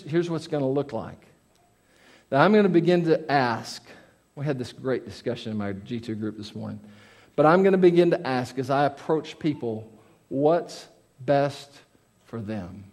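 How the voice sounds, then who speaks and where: A pastor preaching a sermon to his congregation, earnest, swinging between loud emphasis and soft confiding asides. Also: medium pitch.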